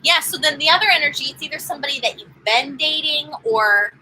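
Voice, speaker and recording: Chatty woman doing a live tarot stream, bright and sharp, swoops up and down a lot. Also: sits high, animated, quick pace, hardly any pauses, poor audio. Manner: chatty, upbeat, talks straight to viewers. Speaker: tarot reader.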